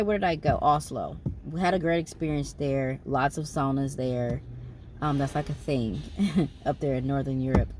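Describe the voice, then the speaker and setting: A woman's voice: low voice, darkish tone. A woman chats loosely about her trips, wandering off and correcting herself as she goes. A faint hum of room ambience sits behind her. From United States. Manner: rambling, conversational, many fillers and self-corrections. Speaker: travel vlogger. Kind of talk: casual travel recap.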